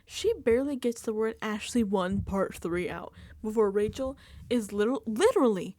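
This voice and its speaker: A woman hosting a casual reality TV recap vlog, animated and emphatic, dropping into whispered asides and swearing casually. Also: mid-range voice, normal speed, dry recording, studio quality.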